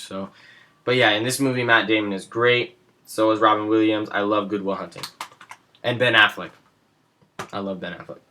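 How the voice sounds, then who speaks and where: A man's voice: on the low side, pushed and bright. A young man in a casual vlog, talking with rambling enthusiasm about his favorites. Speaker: movie vlogger. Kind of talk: casual chat.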